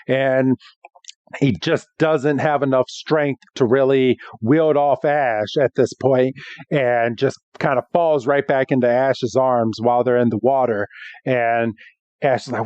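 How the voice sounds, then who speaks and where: A man's voice: mid-range voice, unhurried, darkish tone, no echo, muffled recording. A man hosting a podcast, casually recapping a cartoon episode with a lot of restarts and acted-out quotes. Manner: rambling, restarts, acts out quotes. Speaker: podcast host.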